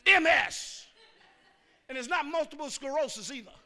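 High, bright-voiced preacher man. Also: expressive, moderate pace. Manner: swings from hushed asides to shouted emphasis; rhythmic, repeats phrases and urges the crowd to answer. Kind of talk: call-and-response sermon. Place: church.

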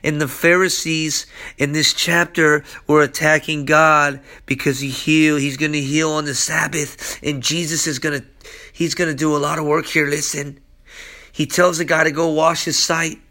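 A man's voice: fairly high pitch, flat delivery, normal speed, sharp tone. A man teaching from the Bible in a casual, slangy way. He is hyper and acts out the characters as he goes. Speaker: preacher.

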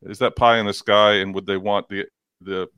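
A man's voice: fairly low pitch, flat delivery, moderate pace, clear, resonant tone, no echo, dull audio. A man co-hosting a casual sports talk podcast, rambling, stammering and firing off rhetorical questions. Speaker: podcast co-host.

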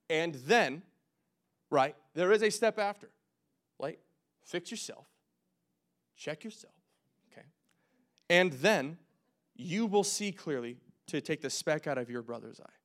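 A young man preaching a casual, conversational sermon, joking and making quick asides as he works through scripture. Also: a little high, animated. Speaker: pastor.

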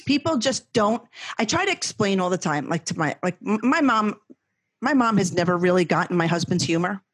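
A middle-aged woman with a husky, breathy voice tells animated, rambling stories as a guest in a casual conversation. She laughs often as she talks. The recording is close and dry. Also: mid-range voice, fairly quick, dry recording. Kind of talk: casual chat.

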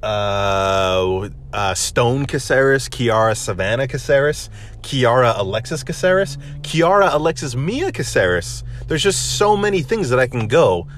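A young man hosting a casual solo podcast, rambling excitedly with lots of swearing and restarts. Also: mid-range voice, unhurried, slight background noise. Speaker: podcast host.

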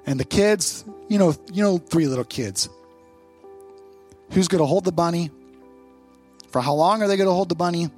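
Man, pastor, sermon, high voice, emphatic short phrases, faint music behind.

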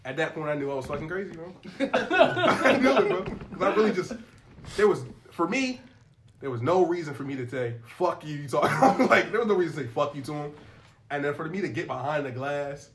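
Fast-talking young man telling a story. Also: on the high side, a crowd in the background. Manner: animated, profane, acts out dialogue. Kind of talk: casual storytelling chat.

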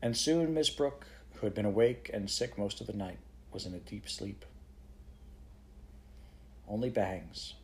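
A man narrating a children's novel as an audiobook. His voice sits fairly low, and he keeps a measured, even storytelling pace. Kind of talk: audiobook reading.

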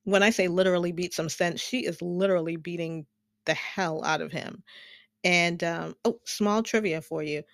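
A woman's voice: fairly low pitch, steady tone, moderate pace, vocal fry, no echo, studio quality. A woman hosting a casual film review, chatty and rambling, laughing often between fillers.

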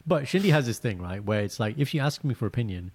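A man chatting casually as a podcast co-host, telling stories and acting out quotes in lively voices. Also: mid-range voice, quick pace, slightly rough. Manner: animated storyteller, acts out quotes. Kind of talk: casual chat.

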